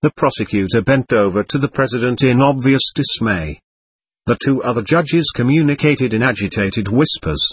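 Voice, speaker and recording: Husky man narrating a classic novel. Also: medium pitch, no room sound. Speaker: audiobook narrator. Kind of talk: scripted narration.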